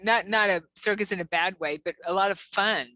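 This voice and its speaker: A woman co-host in a casual spiritual discussion who talks in an unhurried, amused way. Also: mid-range voice, bright, forceful tone, no room sound. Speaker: co-host and channeling teacher.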